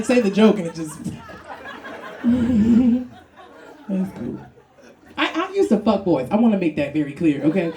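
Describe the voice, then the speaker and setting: A woman's voice: mid-range voice, very animated, takes it slowly, long pauses, mellow, a faint crowd. A woman from Brooklyn doing a stand-up comedy set on a club stage, brash and profane, laughing through her punchlines. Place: comedy club with live audience.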